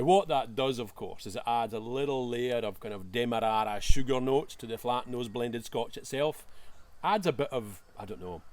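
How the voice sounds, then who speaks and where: A Scottish man talks through a whisky tasting in a relaxed, enthusiastic way. He stops often for fillers and restarts as he goes. His voice sits at an ordinary middle pitch. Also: no room sound. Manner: hesitant, many fillers, enthusiastic. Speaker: whisky bottler presenting a tasting. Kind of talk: casual tasting presentation.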